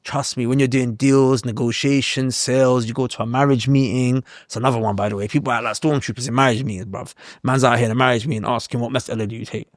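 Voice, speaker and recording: A man's voice: mid-range voice, fairly even intonation, fast talker, hardly any pauses, no echo, studio quality. A young man, telling stories in a casual, slangy podcast chat and often repeating himself. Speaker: podcast host.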